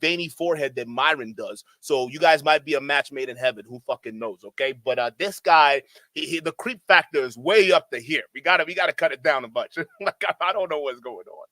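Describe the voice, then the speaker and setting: A man's voice: on the high side, brisk, sharp tone, no echo. A man doing reaction commentary, mocking and laughing as he talks to his chat. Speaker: reaction streamer.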